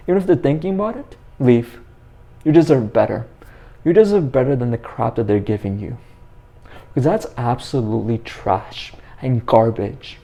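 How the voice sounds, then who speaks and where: A man's voice: a little high, mellow. A young man giving a heated, repetitive sports opinion rant as the host of his own channel. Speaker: sports commentator. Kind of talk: ranting sports opinion monologue.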